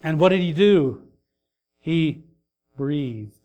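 A man preaching a sermon, earnest and grieving his mother, pausing with fillers and rising to emphatic calls. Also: fairly high pitch, animated, warm tone, dull audio. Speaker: pastor.

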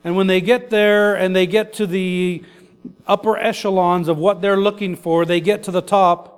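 High-voiced man preaching in a reverberant hall. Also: flat delivery, moderate pace, smooth. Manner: earnest, repetitive, builds phrases in lists. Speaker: pastor. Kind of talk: sermon.

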